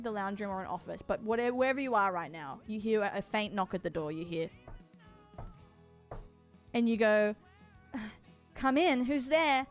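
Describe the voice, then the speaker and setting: A woman streaming, chatting casually with viewers in a bubbly, playful way. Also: medium pitch. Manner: bubbly and playful, talks to chat. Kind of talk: casual sponsored livestream chat.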